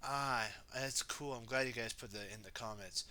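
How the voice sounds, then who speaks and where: A man's voice: medium pitch, normal speed, bright, forceful tone. A man reading a children's storybook aloud, chatting with his viewers and asking them to comment. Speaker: storybook reader.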